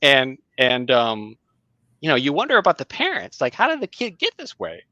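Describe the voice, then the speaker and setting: A middle-aged man, a writing teacher, telling a story in casual conversation, halting with many fillers and restarts. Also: mid-range voice, wildly swooping pitch, sharp tone, dry recording, highs cut off. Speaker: guest, creative writing teacher.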